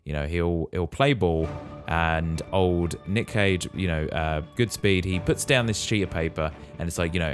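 Deep-voiced podcast man recapping. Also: normal speed, soft background music. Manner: relaxed storyteller, quizzes co-host. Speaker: podcast host. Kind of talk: casual movie recap.

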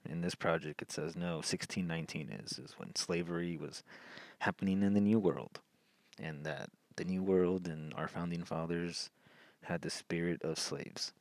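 A man's voice: low-pitched, fairly even intonation, normal speed, creaky, dry recording, rough recording. A man hosting his own podcast, talking alone in a rambling way with frequent restarts. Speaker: podcast host. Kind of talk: solo political podcast monologue.

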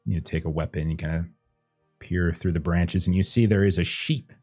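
Lowish-voiced man narrating a game. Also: fairly even intonation, moderate pace, darkish tone, soft background music. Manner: hesitant, lots of kinda and uh. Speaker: game master.

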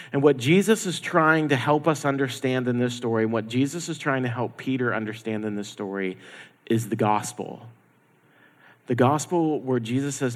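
A pastor giving a conversational sermon, acting out the people in the story in quoted voices. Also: male voice, fairly high pitch, moderate pace. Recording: long hall reverb.

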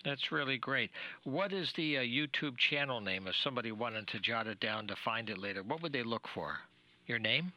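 A man's voice: mid-range voice, lively intonation, moderate pace, dry recording, poor audio. A man hosting a local radio show, chatting casually with a guest and rambling into personal stories. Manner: chatty, rambling, drops to a hush when telling a personal story. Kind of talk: casual radio interview chat. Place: radio studio.

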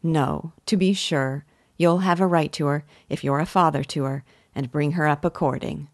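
Pious chatty village wife in broad rustic dialect, voiced by a woman reader; low voice, dry close sound. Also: steady tone, normal speed, no echo, close to an everyday voice. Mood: earnest. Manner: rustic country dialect, homely and earnest.

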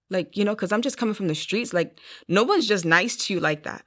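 A young adult woman, a guest in an interview, recounts her personal testimony at a quick pace in a mid-range voice. She is earnest throughout and performs what others said to her.

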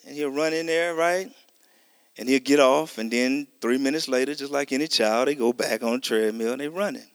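A man's voice: medium pitch, normal speed, vocal fry, no room sound, studio quality. A middle-aged man preaching a testimony sermon, telling a story animatedly and acting out the dialogue. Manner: conversational, addresses listeners as y'all.

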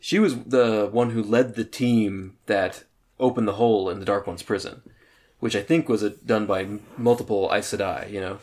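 A man's voice: fairly low pitch, fairly even intonation, normal speed, darkish tone. A man co-hosting a casual book discussion podcast, chatty and laughing often, sometimes searching for words. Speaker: podcast co-host.

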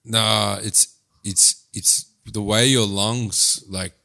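A man with a lowish, bright voice rambles through a casual podcast chat. He stacks up fillers and laughs loudly. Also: steady tone, very slow, creaky.

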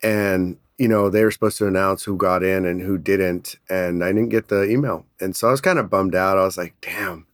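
Energetic storytelling man, low voice. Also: dry recording, studio quality. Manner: energetic, animated, laughs often. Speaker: guest telling a business story. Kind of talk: casual storytelling.

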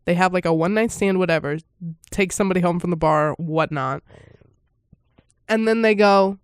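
A woman's voice: on the low side, normal speed, long pauses, clean tone, no room sound, studio quality. A woman giving a casual first-reaction commentary on a film, rambling with lots of fillers and frequent laughter.

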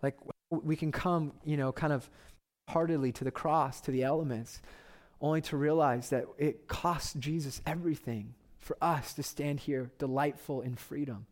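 A man in his thirties preaching a sermon, telling stories with loud excitement and then dropping to quiet reverence. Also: fairly high pitch, moderate pace. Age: 30s. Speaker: pastor.

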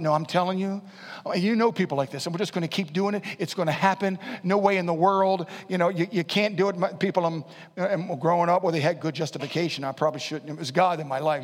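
A man preaching in a large hall. His voice sits high, and the room gives it a long, ringing reverb. He swings from hushed, mumbled impressions of excuses up to loud, shouted exhortation. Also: moderate pace. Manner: animated, swings from quiet asides to shouting; acts out listeners' excuses in a low mumble. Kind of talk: sermon.

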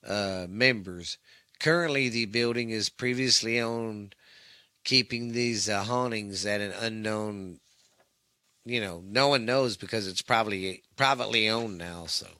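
A tired man reads ghost stories slowly, stumbling over words and cursing in asides. His voice is bright and forward. The recording is dry and close. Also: lowish voice, no echo. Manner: stumbling reader, swears in asides, tired and yawning. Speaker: podcast host reading ghost stories. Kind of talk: casual reading with asides.

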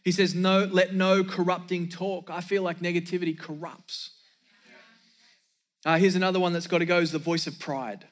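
A man's voice: high voice, level tone, normal speed. A man preaching a sermon as pastor, emphatic, repeating key lines for effect and dropping in joking asides.

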